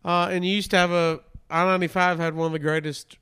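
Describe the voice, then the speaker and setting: A man's voice: high voice, little pitch movement, fast talker, sharp tone, clear, resonant tone. A man, a radio host in casual chat, tossing in playful quips. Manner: playful interjections, mock British quips.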